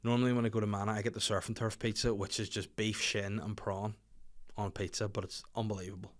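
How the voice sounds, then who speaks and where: A young adult Northern Irish man hosting his own podcast, chatting casually with swearing and animated, rising rants. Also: fast. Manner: swearing, animated rants that swing loud and high. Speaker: podcast host and comedian. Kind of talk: casual solo podcast chat.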